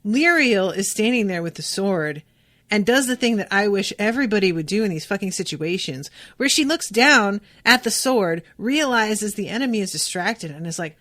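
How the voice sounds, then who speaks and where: A young adult woman hosting a podcast, reading a novel aloud and breaking off into casual, profane, excited reactions. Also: mid-range voice, normal speed. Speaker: podcast host.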